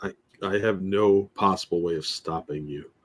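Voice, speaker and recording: A man co-hosting a casual stream chat, making dry deadpan quips. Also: deep voice, moderate pace. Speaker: co-host.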